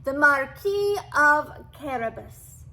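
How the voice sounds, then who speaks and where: An older woman voicing a cunning, smooth-talking male cat in a storybook reading, flattering and slipping in meows. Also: sits high, slow pace, a little hiss or hum, pitched above the performer's own voice, full character voice, poor audio. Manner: flattering, meowing between words.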